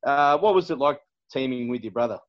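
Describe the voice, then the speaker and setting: A man's voice: medium pitch, expressive, brisk. Easygoing man co-host, lo-fi sound. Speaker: podcast co-host. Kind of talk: casual interview chat. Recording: dull lo-fi recording.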